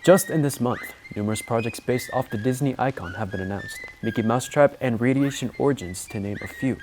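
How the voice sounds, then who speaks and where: A teenage boy presenting a scripted entertainment recap for a school news show in an upbeat announcer style. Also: mid-range voice. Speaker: student news reporter.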